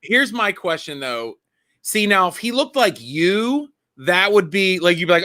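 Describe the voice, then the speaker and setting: Excitable male comedian guest, high and bright, eager storyteller. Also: measured pace, no echo, studio quality. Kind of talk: casual chat.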